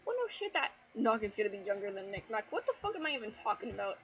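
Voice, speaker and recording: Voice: medium pitch, sing-song, fast talker, a bit bright, husky, rough recording. A YouTuber reading a fanfiction aloud at home at night, breaking off into exasperated, heavily sworn commentary and laughter. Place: at home at night with family asleep.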